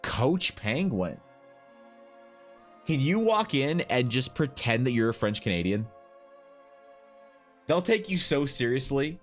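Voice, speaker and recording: Very animated yet measured in pace, this man leaves long pauses as he draws on a live stream with soft music in the background. He reads viewer messages and chats casually, joking and teasing with swings in pitch.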